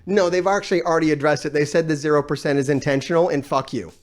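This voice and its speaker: A man's voice: a little high, steady tone, fast talker. A man ranting on a gaming live stream, exasperated and sarcastic, swearing often while he reads out comments.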